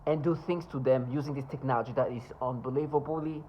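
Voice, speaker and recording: A man's voice: mid-range voice, steady tone, dark tone, slight background noise, poor audio. A man talking to camera in a rambling monologue, scornful and sarcastic, often stopping and restarting. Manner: halting, with many restarts and asides. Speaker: vlogger.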